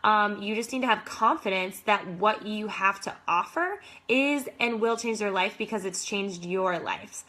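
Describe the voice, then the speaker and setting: A woman's voice: mid-range voice, unhurried, hardly any pauses, bright, forceful tone. A young adult woman, a fitness coach, giving enthusiastic, casual motivational advice to other coaches with lots of "like".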